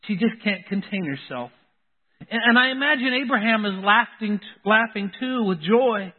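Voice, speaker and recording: A male pastor delivers an earnest sermon, his voice sitting high for a man. He circles back to key phrases to drive them home. The sound is thin and tinny, like a phone line. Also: animated, moderate pace, breathy edge, in a large hall.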